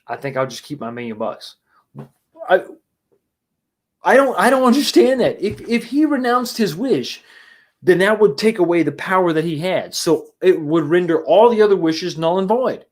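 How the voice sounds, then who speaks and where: Reviewing a film casually on a livestream and replying to chat, a high-pitched man rambles with exasperation. He's blunt and swears, often restarting and posing rhetorical questions.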